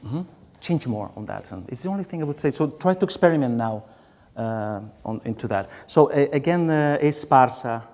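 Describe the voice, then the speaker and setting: A man with a Spanish accent, a conductor coaching a singer in a master class, halting and searching for words, singing phrases to show what he means. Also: medium pitch, lively intonation, a little mellow. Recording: hall reverb, faint room noise.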